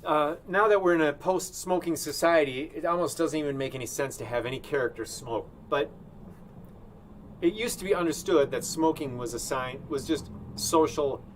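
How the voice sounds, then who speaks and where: A man chatting casually while he paints live. He rambles offhand and thinks out loud in a room indoors. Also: on the high side, moderate pace, slight background noise. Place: indoor studio room with a sunny window.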